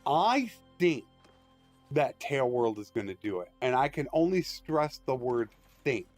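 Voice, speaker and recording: A man's voice: mid-range voice, moderate pace, a little mellow. A man streaming a strategy game, explaining tactics and ranting with strong opinions in loose, rambling commentary. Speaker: gaming streamer. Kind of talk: casual live-stream commentary. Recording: dry close mic with faint music.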